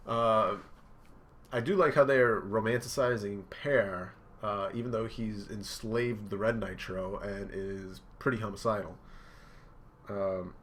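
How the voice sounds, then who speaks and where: A man's voice: on the low side, fairly even intonation, a little slow, fairly bright tone. A man giving casual reaction commentary, reading comic dialogue aloud with laid-back asides. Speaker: anime and manga reaction host.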